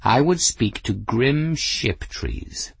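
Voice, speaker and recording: A man voicing a smug, proud male cat warrior who speaks slowly and grandly. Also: mid-range voice, animated, creaky, husky, no room sound, voice pushed up, exaggerated voice. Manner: slow, smug, lordly.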